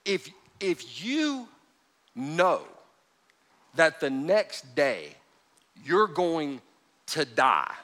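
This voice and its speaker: A man preaching a sermon to a live audience, animated and joking, swinging between hushed, drawn-out lines and loud bursts. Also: a little high. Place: church hall with a live audience.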